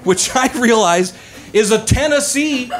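A man's voice: very high voice, animated, measured pace. A man from Alabama with a Southern accent, telling a self-mocking stand-up story. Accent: Alabama Southern American. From Alabama, USA. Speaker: stand-up comedian. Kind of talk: stand-up set. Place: comedy club stage. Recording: live stage set with laughing crowd.

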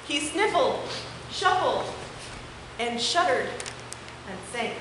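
In a church sanctuary, a young woman gives the children's message, cheering the kids on and reading them a picture book. Her high voice is bright and forceful, with lively intonation at a moderate pace, and the echoey room carries background noise.

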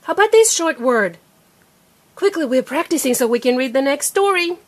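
Lively woman patiently teaching reading. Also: sits high. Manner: slow, clear, coaxing, repeats words. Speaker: parent teaching a child to read. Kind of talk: patient phonics lesson.

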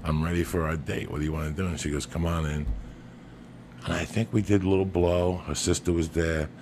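A middle-aged podcast host from New Jersey, with a Jersey accent, tells brash, profane stories casually, breaking into loud laughing shouts. His voice is low-pitched and fairly flat, a little fast, over noisy room ambience.

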